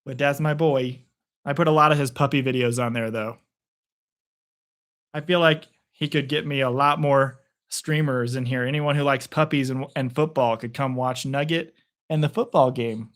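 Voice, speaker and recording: Recorded on a phone set against a picture frame, this home streamer rambles to his audience while narrating a game as it happens. He speaks at a moderate pace in a mid-range, fairly bright voice with fairly even intonation.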